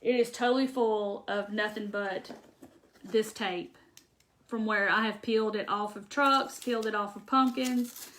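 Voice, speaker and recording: A woman chatting casually on a live craft stream, reading out viewer comments and rambling warmly with ums and laughs. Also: mid-range voice, fairly even intonation, measured pace, slight background noise.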